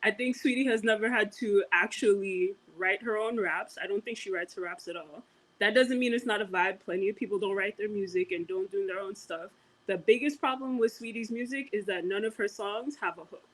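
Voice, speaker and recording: A woman co-hosting a podcast, chatting casually and giving her opinions in a relaxed, emphatic way. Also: medium pitch, fairly quick, low-quality recording. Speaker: podcast co-host. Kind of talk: casual chat.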